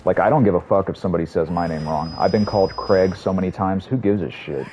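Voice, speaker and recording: Low mellow guy streaming, rambles and swears a lot, kinda muffled sound w/ faint background hum. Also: quick pace. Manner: rambling, profane, storytelling. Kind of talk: casual chat while streaming a game. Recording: slightly muffled audio, faint room hum.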